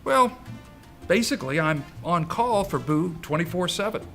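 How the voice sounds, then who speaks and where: A man's voice: high voice, expressive, moderate pace, creaky, bright, forceful tone, faint music behind. A man playing a lawyer in a comedy sketch, talking in a folksy, chuckling way.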